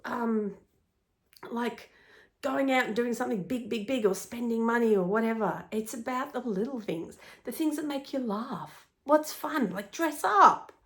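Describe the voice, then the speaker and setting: A woman's voice: on the high side, normal speed. A middle-aged woman, a life coach, talking casually to camera in a chatty, upbeat way, often laughing.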